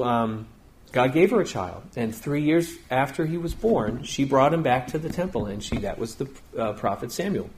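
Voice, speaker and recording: A man's voice: mid-range voice, darkish tone. A middle-aged man preaching a sermon in a conversational, storytelling way, acting out the people he quotes. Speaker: pastor.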